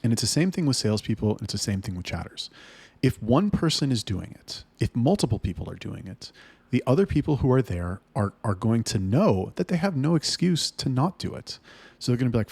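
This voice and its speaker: A man's voice: medium pitch, big pitch swings, brisk, a little mellow, slightly rough, dry recording. A man talking to camera about managing his sales staff, blunt and heated, swearing often. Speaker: business owner talking to camera. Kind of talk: casual rant to camera.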